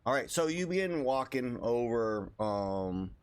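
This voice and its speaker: A man narrating as game master of a tabletop game, relaxed and hesitant, with many pauses and fillers. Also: medium pitch, clear, resonant tone.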